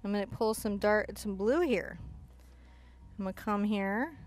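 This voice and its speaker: A woman teaching an acrylic painting lesson, chatty and excitable, often bursting into giggly enthusiasm. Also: mid-range voice, measured pace, faint music behind. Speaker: art instructor.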